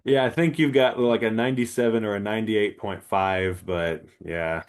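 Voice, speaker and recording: A man co-hosting a podcast in casual chat, animated, laughing often and swearing casually. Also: on the low side, moderate pace. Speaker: podcast co-host.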